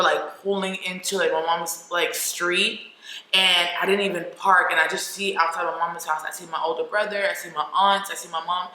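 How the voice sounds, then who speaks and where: A young adult woman vlogger with a fairly low, bright, forceful voice tells a personal story candidly and emotionally. She uses lots of "like" fillers, and the room sounds echoey with faint noise.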